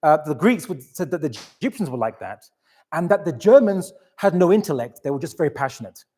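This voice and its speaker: Male lecturer, lightly raised pitch, chatty and animated, lots of asides. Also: brisk, husky. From England. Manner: animated, chatty storytelling with many restarts and asides. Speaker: Islamic lecturer. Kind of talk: lecture to a live audience.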